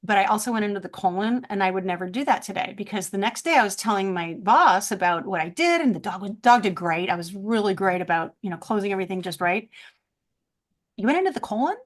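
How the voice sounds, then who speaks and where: A woman veterinarian chatting casually on a podcast, telling lively stories and acting out the voices of people in them. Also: medium pitch, fast talker, few pauses. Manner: animated, acts out voices in stories. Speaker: veterinarian guest.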